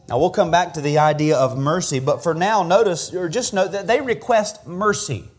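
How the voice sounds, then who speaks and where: A man's voice: on the high side, normal speed, few pauses, darkish tone. A man preaching an expository sermon as pastor, earnest and teaching verse by verse, often repeating a word as he restarts.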